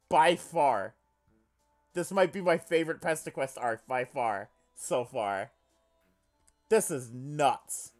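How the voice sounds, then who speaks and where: A man streaming a visual novel, reading the narration aloud and reacting with animated, foul-mouthed commentary. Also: a little high. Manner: animated, swears often, laughs loudly. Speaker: let's play streamer.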